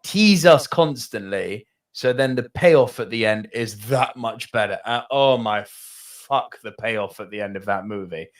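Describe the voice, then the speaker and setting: A man co-hosting a movie podcast in casual chat, animated and swearing freely. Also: on the low side, a little slow, hardly any pauses. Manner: animated, swearing, bursts into loud laughter. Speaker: podcast co-host.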